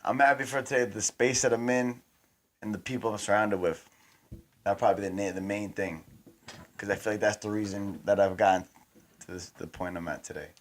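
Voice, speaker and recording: A man co-hosting a podcast in casual chat, telling animated stories full of slang and repeated phrases. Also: fairly low pitch, brisk. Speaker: podcast co-host.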